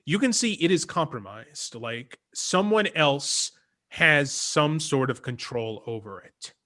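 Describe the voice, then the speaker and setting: A man's voice: a little high, lively intonation, takes it slowly, bright, forceful tone. A man running a tabletop game as game master, explaining rules and describing scenes.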